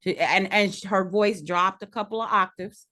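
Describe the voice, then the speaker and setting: A woman's voice: mid-range voice, normal speed, bright, forceful tone. A woman co-hosting a casual chat recapping reality TV, frank and opinionated with a dry edge. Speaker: podcast co-host.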